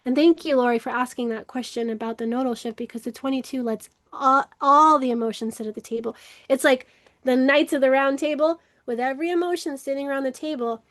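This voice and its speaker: A woman hosting a spoken webinar, talking earnestly and emotively, often acting out inner voices, with restarts and soft laughs. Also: high-pitched, fairly quick, no room sound. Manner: acts out inner dialogue in shifting voices. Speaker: webinar host, creativity coach. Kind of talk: casual spoken webinar talk.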